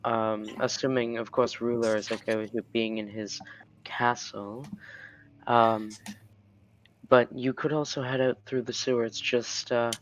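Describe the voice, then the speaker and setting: A man playing a tabletop game, answering casually and quickly. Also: mid-range voice, flat delivery. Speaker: player. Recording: dull lo-fi mic.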